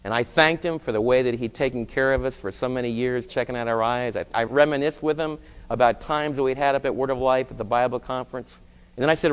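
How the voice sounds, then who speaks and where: Earnest preacher in an echoey hall. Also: male voice, mid-range voice, quick pace, clear, resonant tone. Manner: earnest, personal storytelling. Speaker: pastor. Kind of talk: sermon.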